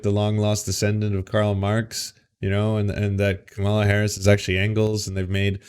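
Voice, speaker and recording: A lowish male voice from Canada talking through politics in a loose, rambling way. He is sarcastic and keeps repeating words as he goes. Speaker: host. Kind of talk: casual political commentary.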